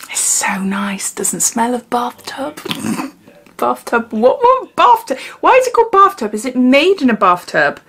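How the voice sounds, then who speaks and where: A woman's voice: sits high, huge pitch swings, unhurried, fairly bright tone, breathy edge. A woman chatting casually as she unboxes and sniffs gins, giggling often and dropping into whispers. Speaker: beauty vlogger.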